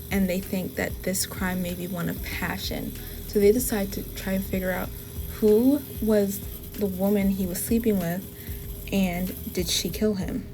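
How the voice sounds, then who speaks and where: A woman casually recapping the plot of a TV show in a chatty way, with frequent "like" asides. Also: medium pitch. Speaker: TV show reviewer.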